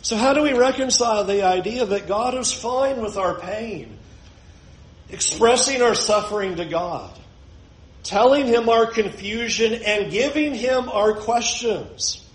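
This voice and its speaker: A man's voice: sits high, animated, measured pace, reverberant, low-quality recording. A man preaching a sermon in a conversational way, with joking asides. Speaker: pastor.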